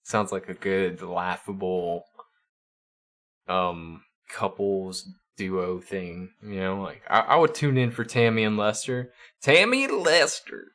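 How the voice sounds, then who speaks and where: A man's voice: sits low, fairly even intonation, slow, a bit bright. A man hosting a livestream, chatting casually with viewers and often stumbling over and repeating his words. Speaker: livestream host.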